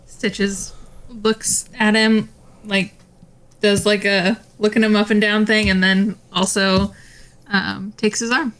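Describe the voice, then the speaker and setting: Give me a wry woman player at a tabletop game, mid pitch. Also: little pitch movement, slow pace, a bit bright. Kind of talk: tabletop role-play.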